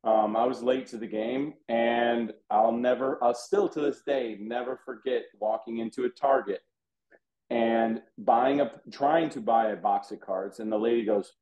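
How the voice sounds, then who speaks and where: A man's voice: mid-range voice, unhurried, reverberant, muffled recording. A man from Houston, a guest on an interview show telling a casual story and acting out the dialogue in it, heard over a video call. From Houston, USA. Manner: animated, acts out quoted dialogue. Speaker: interview guest, card collector.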